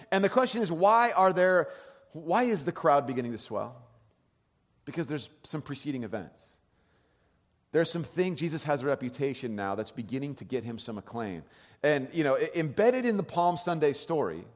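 A man preaching in a long, echoing hall, his voice sitting a little high for a man. He talks conversationally and animatedly, moving between louder bursts and quiet asides. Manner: conversational, checks in with the audience. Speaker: pastor. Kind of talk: sermon.

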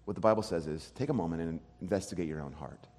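A man preaching a sermon as pastor, animated, acting out quoted voices. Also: sits low, fast, in a large hall.

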